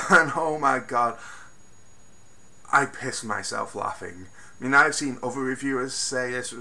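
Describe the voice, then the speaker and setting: Man, film reviewer, casual review, bright tense voice, animated, swears, ranting. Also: lowish voice, gravelly. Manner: animated, swings from mutters to loud bursts; swears freely, exasperated rants.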